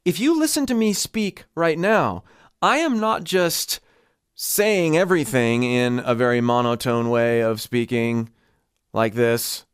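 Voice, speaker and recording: A man's voice: medium pitch, a little slow, clean tone, dry recording, studio quality. A man, a vocal coach, explaining singing techniques and demonstrating them with his own voice. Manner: expressive, demonstrates with voice.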